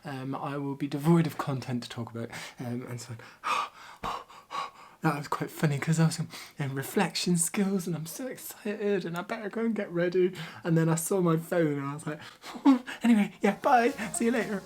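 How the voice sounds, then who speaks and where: A man's voice: fairly high pitch, normal speed. A man talking casually to camera at home, chatty and upbeat with plenty of filler ums. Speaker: vlogger and workplace trainer.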